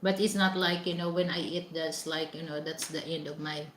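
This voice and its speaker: A woman's voice: sits low, steady tone, moderate pace, echoey room, background noise. A woman vlogging while eating, chatting casually with lots of fillers. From Philippines.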